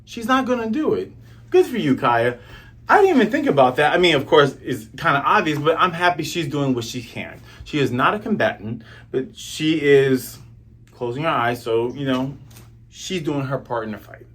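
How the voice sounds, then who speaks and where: Husky male comic reviewer with a lively pitch and a jokey delivery who acts out scenes. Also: normal speed. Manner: animated, jokes and acts out characters. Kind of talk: casual commentary.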